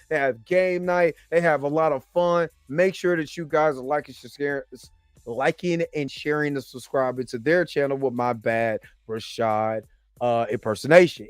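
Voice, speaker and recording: A man hosting a casual reaction review, animated and joking as he talks straight to his viewers. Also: fairly high pitch, smooth, no echo, clean studio sound. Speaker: host and movie reviewer.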